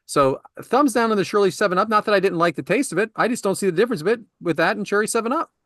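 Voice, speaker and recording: A man with a notably high voice hosts a casual podcast chat and tells stories in an animated, ranting way. His voice is close and dry, with little room sound. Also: very fast, dry recording. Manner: animated ranting storyteller, laughs often. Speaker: podcast host.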